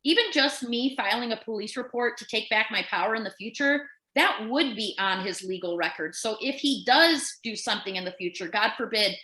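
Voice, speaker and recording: A woman tells a story with lively energy and acts out the voices of the people in it as she goes. Her voice is bright and slightly high. The sound is roomy, with a clear echo. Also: fairly quick, few pauses. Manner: animated storyteller who acts out quoted voices. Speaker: nurse and podcast co-host. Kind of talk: casual storytelling.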